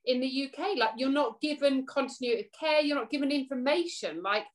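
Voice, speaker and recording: A woman's voice: high voice, a little fast. A woman hosting a casual chat, speaking passionately and indignantly, with frequent swearing.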